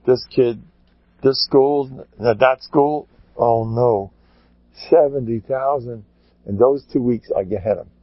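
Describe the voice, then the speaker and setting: A man, a rabbi, giving a lively storytelling Torah talk, acting out quotes and sprinkling in Yiddish and Hebrew words. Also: mid-range voice, takes it slowly, dry recording. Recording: dull lo-fi recording.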